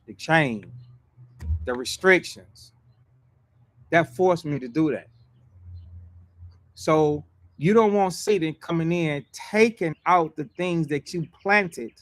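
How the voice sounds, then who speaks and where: High-pitched guy preaching, slangy, punchy repeats, flips loud to quiet, dry close sound. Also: no echo. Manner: emphatic, repetitive preaching with street slang. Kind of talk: sermon.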